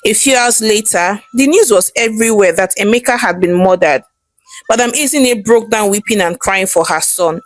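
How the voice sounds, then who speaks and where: A woman's voice: medium pitch, moderate pace, no echo, faint music behind, low-quality recording. Woman telling a folktale. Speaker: storyteller. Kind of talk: folktale narration.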